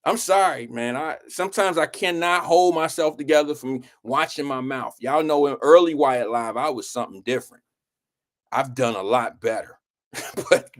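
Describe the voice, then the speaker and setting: Dude hosting a live show, kinda high voice, rambles and swears a lot, super animated. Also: male voice. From Ohio. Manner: animated, profane, rambling storyteller. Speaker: show host. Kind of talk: casual live-stream talk.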